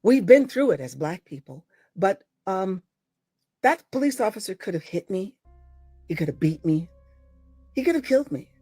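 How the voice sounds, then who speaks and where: An older American actress giving a blunt, profane, impassioned monologue to her followers, swinging from low murmurs to loud exclamations. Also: very animated, normal speed, pauses often, breathy edge, dry recording, clean studio sound, faint music behind. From United States.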